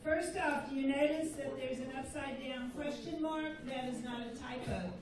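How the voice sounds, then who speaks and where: Woman, high voice, slow patient teacher, echoey hall, far from mic, crowd of students around. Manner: slow, patient, repeats phrases for students to echo. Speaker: Spanish teacher. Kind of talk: classroom phrase lesson. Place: school room with a crowd of students. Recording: echoey room recorded from afar with crowd.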